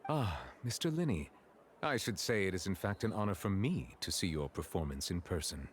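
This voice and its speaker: A deep, courteous chief justice. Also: male voice, expressive, a little hiss or hum. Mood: formal. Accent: French. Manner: stiffly polite and measured.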